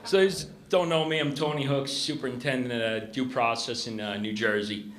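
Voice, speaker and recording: Chatty superintendent guy at a roast, bright tense voice, echoey room. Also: mid-range voice, fairly even intonation, a little fast. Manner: chatty, lots of fillers and "you know what I mean". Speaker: golf course superintendent. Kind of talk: roast speech, casual storytelling. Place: retirement party at a golf club. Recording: echoey room with faint noise.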